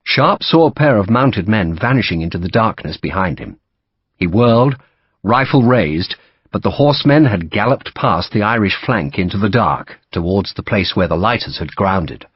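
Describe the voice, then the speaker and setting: Husky male audiobook narrator. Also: on the low side, lively intonation, no echo, muffled recording. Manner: measured, vivid storytelling. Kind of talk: scripted narration.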